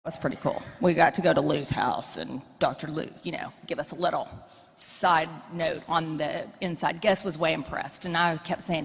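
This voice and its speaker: With a low, gravelly voice that has a breathy edge, this woman in her forties speaks at normal speed and with fairly even intonation. As a guest, she candidly jokes to an audience about her family and her coach husband, in an echoey hall.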